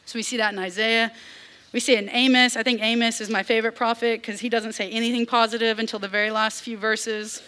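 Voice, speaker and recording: A young woman with a Southern twang preaches with lively energy, slipping in casual asides and acted-out voices. Her voice sits high, bright and forceful. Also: fast. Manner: animated, acts out quoted voices, casual asides. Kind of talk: sermon.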